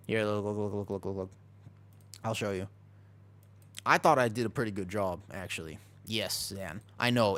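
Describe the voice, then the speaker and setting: A man casually chatting with his viewers while streaming a game, excitable and talkative. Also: on the low side. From United States. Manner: excitable, chatty, reacts to chat.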